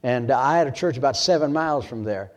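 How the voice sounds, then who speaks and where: An older Michigan pastor delivers a sermon, recounting his story quietly before building to loud pleading. His voice is medium-pitched and expressive, and he talks quickly.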